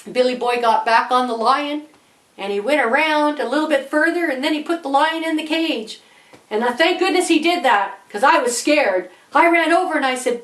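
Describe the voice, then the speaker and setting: A woman telling a children's story in an animated, dramatic way. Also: high voice, echoey room. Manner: animated, dramatic, gasping with wonder. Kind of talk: storybook narration.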